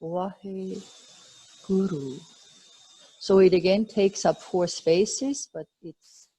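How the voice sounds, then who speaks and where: A woman teaching a yoga class, guiding breath and meditation in a slow, calm, soothing way. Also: medium pitch, breathy edge, low-quality recording. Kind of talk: guided yoga instruction.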